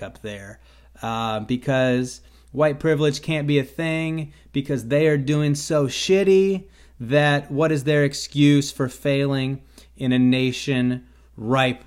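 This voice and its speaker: A man's voice: medium pitch, takes it slowly. A man hosting a solo talk show, telling stories in a wry, rambling way with sarcastic asides. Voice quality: stutters on his own name at times. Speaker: podcast host. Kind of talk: casual solo monologue.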